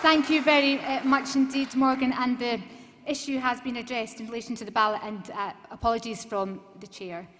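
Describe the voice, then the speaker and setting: A woman chairing a conference, announcing the next speaker in a brisk, formal way. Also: fairly high pitch, fairly even intonation, fairly bright tone, a little hiss or hum. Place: large conference hall. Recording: distant voice, long hall reverb.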